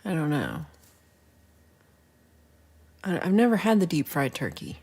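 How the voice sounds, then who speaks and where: A woman's voice: low voice, huge pitch swings, a little slow, darkish tone. A woman hosting a casual livestream chat, rambling playfully through viewer comments with frequent whispered asides. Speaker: livestream host.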